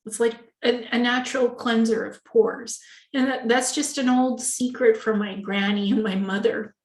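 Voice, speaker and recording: A woman's voice: fairly high pitch, steady tone, moderate pace, a little mellow. A woman chatting casually in an interview, telling family anecdotes and acting out quoted dialogue. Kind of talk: casual video-call interview. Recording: echoey room.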